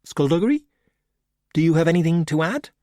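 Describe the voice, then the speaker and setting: A man's voice: fairly high pitch, lively intonation, a little fast, dark tone, dry recording, pitched above the performer's own voice, close to an everyday voice. A man voicing a sarcastic, impatient young woman in an audiobook, talking in a snappy, sarcastic way. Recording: dry close audiobook recording.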